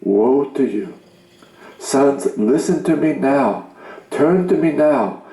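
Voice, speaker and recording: A man giving a solemn reading of a religious message, in a grave, commanding and measured way. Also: mid-range voice, expressive, creaky, dark tone. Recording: roomy echo.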